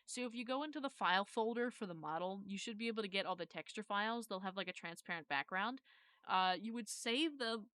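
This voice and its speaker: Bright, crisp-voiced woman streamer. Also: medium pitch, quick pace, hardly any pauses, dry recording. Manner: rambling, self-correcting, thanks viewers. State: has hiccups. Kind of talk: casual live-stream chat, explaining.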